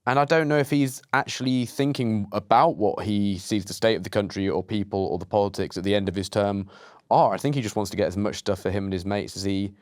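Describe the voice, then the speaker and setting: A man hosting a casual podcast, with a dry, flat way of talking. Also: fairly low pitch, quick pace, no room sound. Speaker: podcast host.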